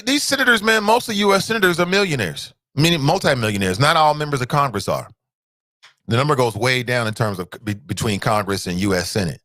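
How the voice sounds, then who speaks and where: A male talk show host from Cincinnati, delivering animated solo commentary full of repeated rhetorical questions and sudden high exclamations. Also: fairly quick, dry recording, clean studio sound. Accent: Cincinnati, Ohio.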